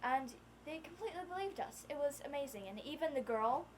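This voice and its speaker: A teenage girl vlogging with a friend, chatting casually and chiming in with quick asides. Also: high-pitched, lively intonation, a little hiss or hum. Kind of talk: casual storytelling chat.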